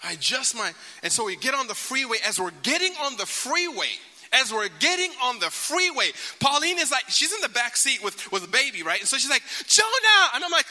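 A man preaching a sermon, telling a story animatedly, swinging between loud bursts and hushed asides. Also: very high voice, big pitch swings, a little fast. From Africa. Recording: reverberant hall.

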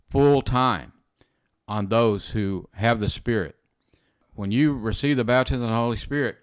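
In a clean, dry studio recording, a man with a lowish voice gives informal, earnest Bible teaching in conversation. He repeats phrases and often says "you know" and "amen."

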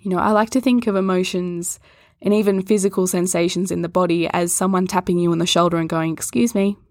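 A woman's voice: on the low side, little pitch movement, fast talker, no room sound, studio quality. A woman yoga and Reiki teacher talking earnestly on a podcast, coaxing the listener and speaking straight to them. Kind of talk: podcast talk on chakras.

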